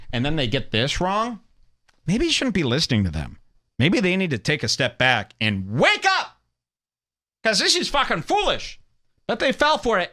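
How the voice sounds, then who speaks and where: A young man hosting a podcast, ranting sarcastically over clips and mocking people in high put-on voices. He is from Illinois. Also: sharp tone. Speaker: podcast host.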